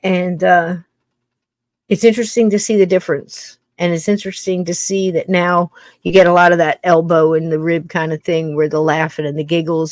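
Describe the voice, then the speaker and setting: A woman's voice: lowish voice, darkish tone, no echo. Older woman musing in a rambling way. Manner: musing, rambling with many restarts. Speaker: podcast host. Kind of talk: casual podcast monologue.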